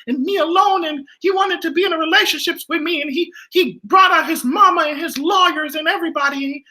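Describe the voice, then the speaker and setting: A man voicing a mocking impression of a whiny, self-pitying rich young woman, with a high, dramatic, wailing delivery. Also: pushed and bright, full character voice. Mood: whining.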